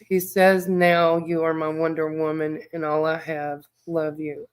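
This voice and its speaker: Middle-aged woman, livestream host; unhurried, lower voice, emotional and stuffy-nosed, reads chat aloud. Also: completely flat delivery, smooth. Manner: heartfelt, reads viewer comments aloud. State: congested, near tears. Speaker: true crime livestream host.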